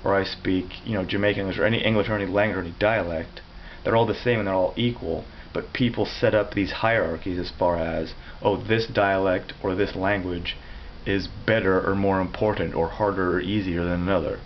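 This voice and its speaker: A man with a lowish voice explains things in a casual, rambling way, breaking off and restarting his sentences. The recording is dull and lo-fi, with a faint hiss underneath. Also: steady tone, fairly quick. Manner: rambling, self-correcting, explanatory. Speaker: language vlogger. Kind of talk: casual talk to camera.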